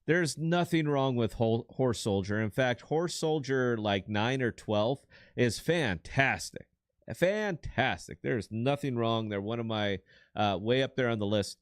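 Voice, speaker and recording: A man's voice: medium pitch, a little slow, clear, resonant tone, no room sound, studio quality. A man in his fifties co-hosting a casual live show, rambling and telling corny dad jokes. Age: 50s. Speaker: podcast co-host.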